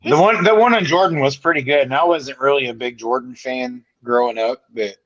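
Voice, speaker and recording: A man's voice: mid-range voice, brisk, a bit bright. A man chatting casually on a live stream, giving his opinions in long, rambling sentences. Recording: dull, muffled call audio.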